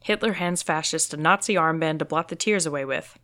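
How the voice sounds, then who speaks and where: Low-voiced woman reading stage directions. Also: fairly quick, pushed and bright. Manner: plain, matter-of-fact.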